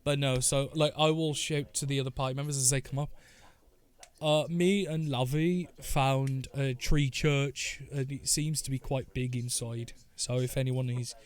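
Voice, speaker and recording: A man's voice: medium pitch, flat delivery, moderate pace. A British man joins a casual tabletop game over voice chat. His talk rambles, and he presses his point again and again. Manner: rambling, insistent. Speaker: player.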